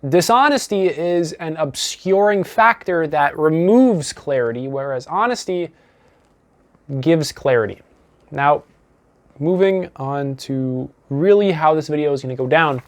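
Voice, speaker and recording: A man teaching as a self-improvement coach in a calm, deliberate monologue. He talks earnestly, with casual "you know" fillers, and repeats his key phrases. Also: fairly high pitch.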